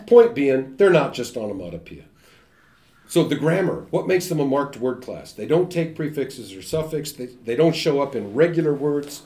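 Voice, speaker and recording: Lively joking man lecturing in an echoey room. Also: mid-range voice, a little fast. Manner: animated and joking, imitating sounds and voices. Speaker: linguistics lecturer. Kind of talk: academic talk.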